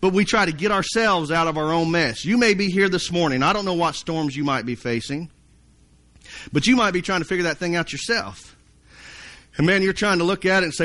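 A man's voice: high voice, a little fast, pushed and bright. A man preaching a sermon, folksy and storytelling, sometimes acting out panicked voices. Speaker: pastor.

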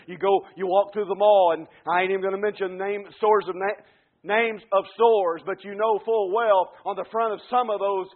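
A high-pitched man in his forties preaches a fervent sermon, moving from quiet, conversational asides to shouted climaxes. The sound is thin and narrow, like a radio broadcast heard over a phone line. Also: steady tone, normal speed.

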